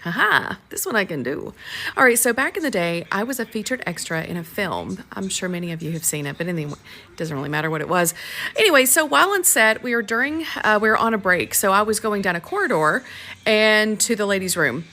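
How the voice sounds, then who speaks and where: A woman's voice: medium pitch, lively intonation, fairly quick, bright, forceful tone. A woman who once worked as a film extra, telling a story in a wry, amused way. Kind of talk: casual storytelling.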